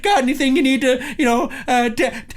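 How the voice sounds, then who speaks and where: A man's voice: extremely high pitch, a little fast, pitched above the performer's own voice. A man putting on a dopey, exaggerated stereotype of a Canadian guy who ends every sentence with "eh". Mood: goofy. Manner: goofy, tacks "eh" onto every sentence.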